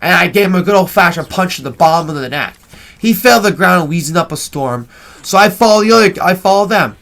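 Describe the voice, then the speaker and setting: A man's voice: high voice, lively intonation, fast, gravelly, fairly bright tone. A man casually telling a long story over gameplay, rambling and swearing, tagging "right?" onto his sentences. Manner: rambling, profane, keeps asking "right?". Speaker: gaming video host.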